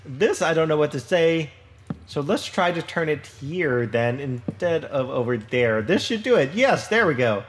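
A man talks casually over his own gameplay in a somewhat high, lively voice that swoops up and down. He rambles, stops and restarts, and pokes fun at himself as he goes. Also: a little slow. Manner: chatty, rambling, self-deprecating, frequent fillers and restarts. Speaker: Minecraft let's play host.

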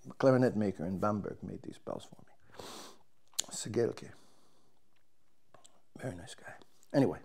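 A man's voice: fairly low pitch, lively intonation, moderate pace, gravelly, a little mellow, husky. A man, a trumpet player, casually explaining and demonstrating his instrument, thinking aloud as he works and restarting his sentences.

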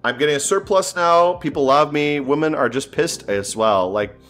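A man's voice: on the high side, moderate pace, a bit bright. A man giving casual, joking commentary while playing a strategy game, thinking aloud and sounding exasperated. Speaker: gameplay streamer.

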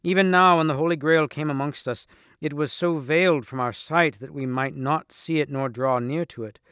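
A man's voice: a little high, normal speed, fairly bright tone, clean tone, no room sound. Fervent storybook knight, rousing, male reader voices him, dry mic. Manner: earnest, rousing. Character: fervent, eager knight vowing a quest.

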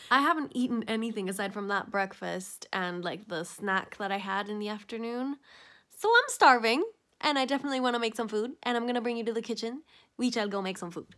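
A woman's voice: a little high, sharp tone. A tired woman chatting casually at home in a rambling vlog, giggling often and dropping into whispered asides. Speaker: vlogger. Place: at home indoors.

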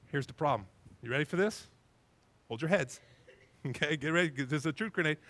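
A male pastor preaching a sermon in a church, animated and acting out little scenes in different voices. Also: high-pitched, dry recording.

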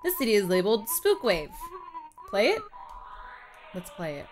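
A young woman giving casual, excitable commentary as she plays a video game, squealing and laughing. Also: medium pitch, moderate pace, soft background music. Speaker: let's play gamer.

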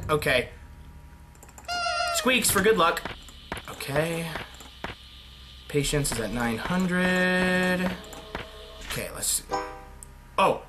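A man giving excitable let's play commentary on a horror game, yelping and shrieking when startled. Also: fairly high pitch. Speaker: gaming commentator. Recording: game music behind the voice.

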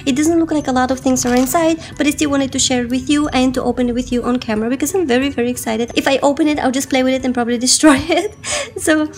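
A woman's voice: high voice, steady tone, quick pace. A woman hosting an unboxing vlog, a little sick and slightly out of breath, giggling and gushing over each item as she draws out repeated words. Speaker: host.

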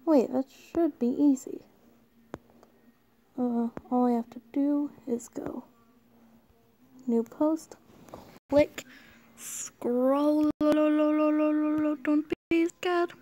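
A woman giving casual, rambling commentary as she scrolls through posts, now and then dropping into quiet whispers. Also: high voice, steady tone, extremely slow, pauses often. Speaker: channel host.

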